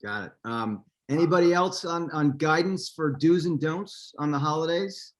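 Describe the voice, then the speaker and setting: A man's voice: fairly high pitch, normal speed. A man hosting a virtual wine tasting over a video call, upbeat and chatty with plenty of fillers. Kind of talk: casual hosting.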